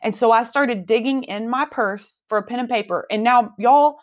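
A woman, hosting a podcast and telling a personal story in an animated, emphatic way. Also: fairly high pitch, moderate pace. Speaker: podcast host. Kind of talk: casual storytelling.

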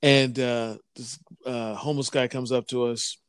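A man's voice: medium pitch, flat delivery, measured pace, clear, resonant tone, no echo, clean studio sound. A man telling a story in a casual chat, rambling with many restarts. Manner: rambling, lots of fillers and restarts.

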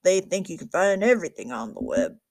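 A woman voicing a grumpy older male librarian who speaks slowly and curtly. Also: fairly low pitch, sing-song, darkish tone, dry recording. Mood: grumbling. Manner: gruff, slow and curt.

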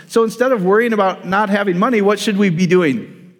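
A man's voice: sits high, a little fast, long reverb tail. A man preaching a sermon, emphatic and repetitive, often restarting his sentences. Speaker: pastor.

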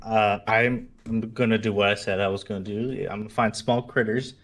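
A man's voice: fairly low pitch, fairly even intonation, fairly quick, fairly bright tone. A man playing a tabletop game, talking casually, swearing and laughing as he plans his moves. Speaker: player.

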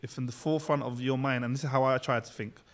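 A man's voice: medium pitch, fairly even intonation, fast. A young man co-hosting a podcast, chatting casually and teasing his friends. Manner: laid-back, jokey, teasing. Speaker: podcast co-host. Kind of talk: casual chat.

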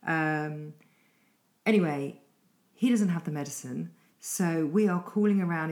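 A middle-aged woman with a British accent retells her chaotic evening in a rambling, breathless way, full of self-deprecating asides. Her voice sits a little low. The room around her rings with noticeable echo. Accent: British English. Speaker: coach. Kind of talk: casual storytelling monologue.

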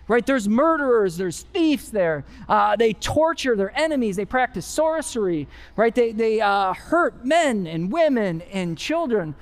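A man's voice: extremely high pitch, very animated, moderate pace. A pastor preaching a conversational sermon in church, with rising emphasis on his key points. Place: church sanctuary.

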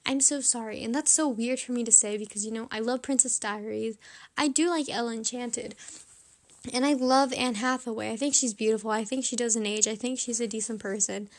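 Chatty young woman, fairly high voice. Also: steady tone, fairly quick. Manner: chatty, blunt, self-mocking. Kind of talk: casual movie-rating monologue.

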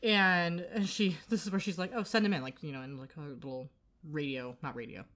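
A woman with a somewhat low voice chats casually on a podcast and recaps a story at length. She fills her talk with "um" and "like" and slips into the characters' lines as she goes. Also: fairly even intonation, fairly quick, fairly bright tone. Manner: chatty, acts out quoted lines, lots of fillers. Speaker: podcast co-host.

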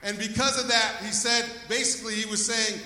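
In a church sanctuary, a male pastor with a high-pitched, pushed and bright voice preaches energetically, calling on the congregation to give praise. His intonation stays fairly even and his pace is fairly quick. The echoey hall makes him sound far from the microphone.

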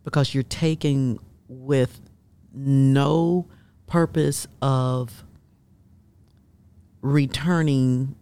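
A man co-hosting a talk radio show who speaks slowly and deliberately and often murmurs agreement. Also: mid-range voice, fairly even intonation, dark tone, clear, resonant tone. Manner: slow and deliberate, with frequent affirming murmurs.

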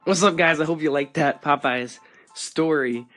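A young man vlogging, telling a story in an animated, laughing way and acting out the people in it. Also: a little high, normal speed. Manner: animated, laughing, acts out the people in his stories. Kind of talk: casual storytelling.

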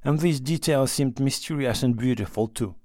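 A man narrating a classic story as an audiobook in a calm, even reading. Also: mid-range voice, moderate pace, no echo, studio quality. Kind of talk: scripted narration.

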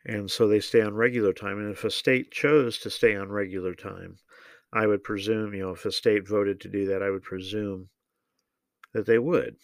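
A man giving opinionated solo political commentary, measured and deliberate, with frequent ums and uhs. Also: on the low side, steady tone, dry recording.

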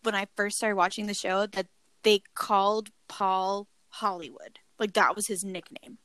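A woman's voice: mid-range voice, measured pace, dry recording, poor audio. A young American woman co-hosting a podcast, chatting casually and gushing as she tells stories, with lots of "like"s. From United States. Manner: gushing, animated storytelling with many "like"s. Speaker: podcast co-host. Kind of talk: casual chat.

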